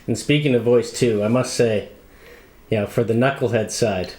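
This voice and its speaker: A man hosting a casual interview, agreeable and quick to affirm. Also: mid-range voice, fairly even intonation, darkish tone, reverberant. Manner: agreeable, constant short affirmations. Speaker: podcast host.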